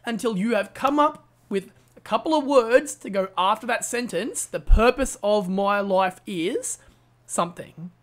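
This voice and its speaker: A man's voice: sits high, unhurried, a bit bright. A man co-hosting a motivational podcast, enthusiastic and insistent, repeating his instructions to listeners. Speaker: podcast co-host.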